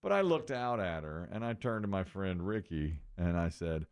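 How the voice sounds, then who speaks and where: Brief: middle-aged male radio host, low pitch, lively storyteller. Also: moderate pace. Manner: animated storyteller, swings pitch for quoted voices. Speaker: morning radio show host. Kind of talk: casual storytelling on air.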